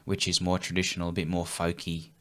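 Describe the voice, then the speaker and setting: A man's voice: low voice, completely flat delivery, fast talker. An Australian man chatting casually on a comedy podcast, rambling and laughing easily.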